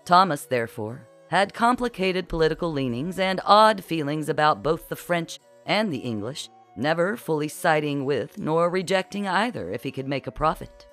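An audiobook narrator reading a comic historical story with a wry, even delivery. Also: medium pitch, moderate pace, hardly any pauses, soft background music. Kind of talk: scripted narration.

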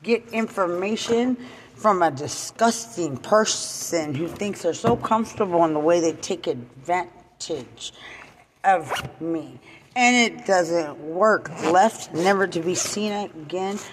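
A woman's voice: fairly low pitch, expressive, slow pace, slight background noise. Furious profane woman ranting, echoing. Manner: profane, repetitive, swings between shouting and muttering. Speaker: mother venting to camera. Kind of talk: angry unscripted rant.

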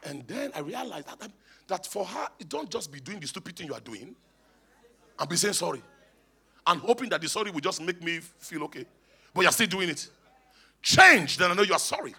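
A man's voice: high-pitched, expressive, a little fast, creaky, bright, forceful tone, husky. A man, a bishop preaching emphatically in church and calling on the congregation to respond. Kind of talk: sermon. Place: church hall.

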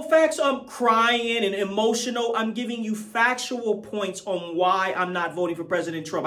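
A man's voice: high-pitched, fairly bright tone. A middle-aged man from the United States giving an emphatic political commentary monologue, arguing point by point and throwing rhetorical questions at his viewers.

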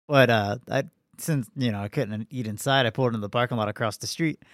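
A man's voice: mid-range voice, quick pace, no echo, studio quality. A young man co-hosting a podcast, telling rambling, profanity-filled stories in casual chat. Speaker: podcast co-host.

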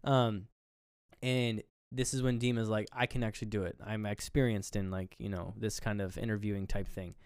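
A man's voice: on the low side, level tone, moderate pace, a little mellow, clean tone, no room sound, clean studio sound. A man co-hosting a podcast, casually recapping a film and acting out characters' lines with loose swearing. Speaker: podcast co-host.

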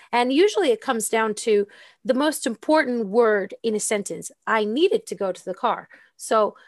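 Woman teacher explaining with steady flow. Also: on the high side, dry recording, studio quality. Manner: fluent with frequent ums. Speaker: English teacher, co-host. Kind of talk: casual explanatory chat.

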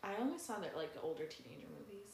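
A woman's voice: low voice, very animated, very fast, creaky, crowd noise. A young woman co-hosting a podcast, talking enthusiastically and rambling, often trailing off mid-thought. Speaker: podcast co-host. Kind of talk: casual chat. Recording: echoey room with faint noise.

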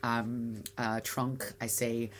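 A woman's voice: extremely low pitch, flat delivery, slow, a little hiss or hum. A woman in her forties with a Canadian accent, chatting as an interview guest in a rambling way with many fillers and restarts. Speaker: guest, bagel shop founder. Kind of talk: casual interview chat.

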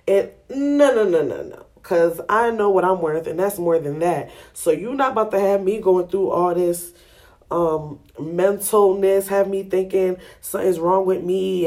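A woman's voice: mid-range voice, a little slow, mellow. A woman hosting a podcast, talking frankly and chattily to listeners in a sassy, laughing way. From Ghana. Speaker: podcast host. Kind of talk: candid solo podcast talk.

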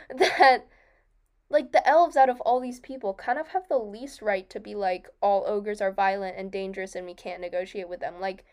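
Chatty young woman, lots of laughter. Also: on the high side. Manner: chatty, laughs often, restarts and self-corrects. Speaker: podcast co-host. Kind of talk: casual book discussion.

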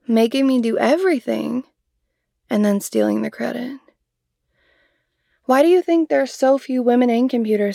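A fiery young woman coder, proud and quick to swear, speaking slowly with a gravelly, mellow edge on a higher voice, as a woman acts her out. She sounds dry and close, with no room around her. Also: no room sound, heavily acted. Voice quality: swears constantly, sharp-tongued. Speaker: computer science student. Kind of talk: adult audio role-play.

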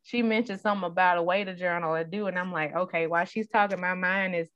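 A woman in her thirties in casual conversation, an animated storyteller who acts out the voices in her stories. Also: lowish voice, fast talker, clean tone, no room sound. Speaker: guest sharing her story. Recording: dull, dry sound.

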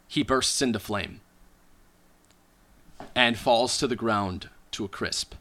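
A man runs a tabletop game and narrates the scene in a relaxed, descriptive way, chuckling now and then. His voice is bright and clear, at a middle pitch. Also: slow, long pauses. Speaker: game master.

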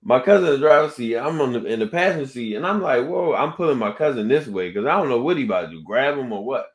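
A man co-hosting a podcast, telling a story in a casual, animated way and acting out the people in it. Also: mid-range voice, fast. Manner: animated storyteller, acts out quoted exchanges. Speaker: podcast co-host. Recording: roomy echo.

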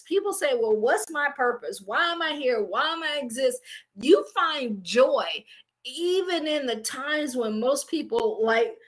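Woman, high voice, energetic faith coach, casual preachy motivational delivery.

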